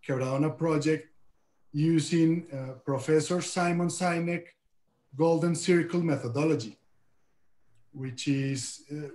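A Spanish-speaking man from Colombia gives a webinar talk in English with a marked Colombian accent. His voice sits a bit high and the call audio sounds roomy. He often repeats words as he builds his sentences. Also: a little mellow. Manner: careful, halting, with many repeated words. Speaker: guest speaker. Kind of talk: webinar presentation.

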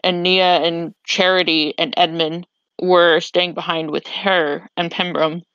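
A woman's voice: on the low side, little pitch movement, unhurried, a bit bright, no echo. Rambling woman recapping a game. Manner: rambling, restarts sentences while recalling events. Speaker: player on a tabletop game podcast. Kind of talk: casual recap chat. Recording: slightly muffled dry recording.

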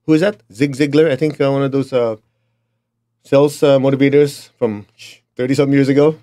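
A man's voice: medium pitch, level tone, a little fast, mellow. A middle-aged man with a Chinese accent giving a blunt, emphatic motivational talk to his students. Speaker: motivational teacher.

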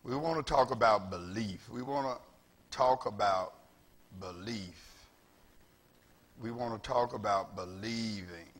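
Southern man, pastor, bright voice, slow delivery, repeats phrases, builds to loud preaching. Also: on the low side. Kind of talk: sermon. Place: church with several cameras.

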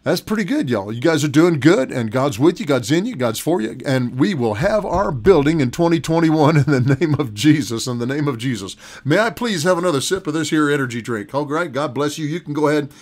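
A middle-aged man preaching a relaxed broadcast sermon, his voice sitting a little high for a man. He talks in a folksy, chatty way, repeating phrases and chuckling often. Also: brisk, few pauses. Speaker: pastor.

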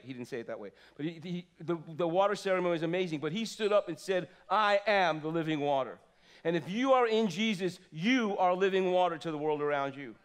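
A man in his fifties preaching a sermon in a church, swinging from loud exclamations to soft asides. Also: on the high side, lively intonation, fast talker. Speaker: pastor. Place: church sanctuary.

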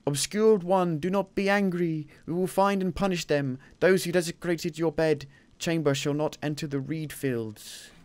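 A man voicing a solemn ancient male worshipper, intoning slow archaic prayers in a grand manner. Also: fairly high pitch, darkish tone, dry recording, pitched above the performer's own voice, close to an everyday voice. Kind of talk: reading game inscriptions aloud in a put-on voice.

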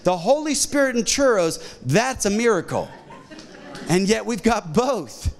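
In a church auditorium, a middle-aged male pastor delivers a sermon in a strikingly high voice with some vocal fry. He speaks animatedly and shifts into quick voices for the people he quotes.

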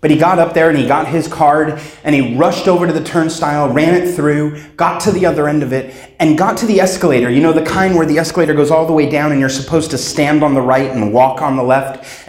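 A man's voice: medium pitch, darkish tone. Man telling a story onstage in an echoey hall. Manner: dramatic storyteller, acts out sounds and voices, slows for emphasis. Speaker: keynote speaker. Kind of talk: storytelling keynote speech. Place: conference hall.

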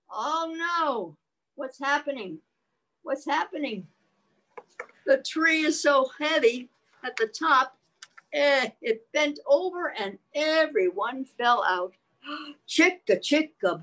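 Slow sing-song woman reading to kids. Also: high voice, a bit bright, low-quality recording. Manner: slow sing-song reading, stops to ask the listening children questions. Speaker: children's storyteller. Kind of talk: reading a picture book aloud to young children.

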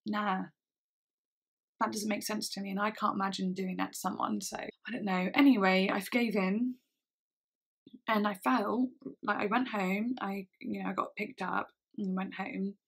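Halting young vlogger woman, gravelly and husky. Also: medium pitch, steady tone. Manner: halting, hesitant speech with many restarts. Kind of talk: storytime vlog.

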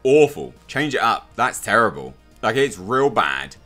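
A man's voice: fairly low pitch, sing-song, unhurried, sharp tone, faint music behind. A man giving a blunt, sarcastic, rambling spoken review of a TV episode. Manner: blunt, sarcastic, filler-heavy rant.

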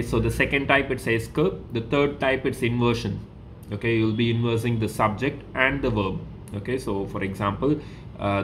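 A man's voice: medium pitch, a little hiss or hum. A man teaching a French lesson to a school class, patient and repetitive, saying okay between steps. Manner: patient, repeats each example, says okay often.

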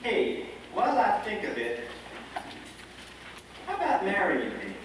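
An actor playing a cocky cheerful cowboy. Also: male voice, high-pitched, wildly swooping pitch, a little slow, background noise, exaggerated voice. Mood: warm courting. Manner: boisterous, joking, swoops up on exclamations. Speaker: stage actor. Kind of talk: amateur stage musical acting. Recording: echoey stage hall, far-off mic.

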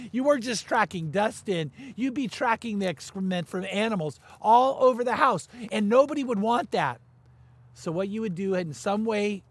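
A man preaching a sermon as pastor, animated and quick to raise his voice for emphasis. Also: sits high, no echo.

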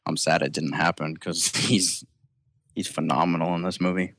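A man's voice: low-pitched, level tone, normal speed, creaky, a bit bright, dry recording, clean studio sound. A young man hosting a casual film podcast, enthusiastic and laughing often as he talks. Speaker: podcast host.

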